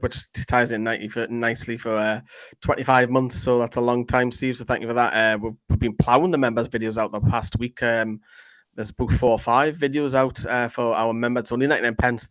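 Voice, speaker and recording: Chatty, rambling male co-host reading viewer comments, dry close sound, mid pitch. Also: flat delivery, fairly bright tone, no echo, rough recording. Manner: chatty, rambling, quick to joke. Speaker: fan channel co-host.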